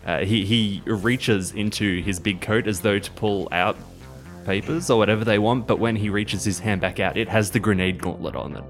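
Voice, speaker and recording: A man's voice: lowish voice, moderate pace, soft background music. A man with an Australian accent narrating a tabletop game as game master, casual and full of fillers. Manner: casual, filler-heavy storytelling.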